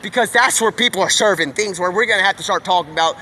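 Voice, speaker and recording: A man livestreaming, talking in a rambling, slangy, excitable stream of thought. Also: high-pitched, fast, a little hiss or hum. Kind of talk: rambling live-stream monologue.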